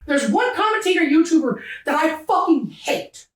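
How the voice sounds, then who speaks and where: A high-pitched man venting as a podcast guest, heated and profane, often breaking into shouts, his voice choked up near tears. He sits back from the microphone, and the room rings around him. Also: animated, normal speed, far from the mic. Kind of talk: emotional podcast rant. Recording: roomy sound, set back from the mic.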